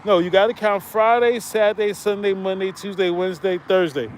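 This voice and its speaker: A man's voice: high voice, steady tone, a little fast, slight background noise. A man hosting his own channel, talking casually in street slang, rambling and repeating himself as he tells stories. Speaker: channel host. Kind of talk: casual livestream commentary. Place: outdoors near traffic.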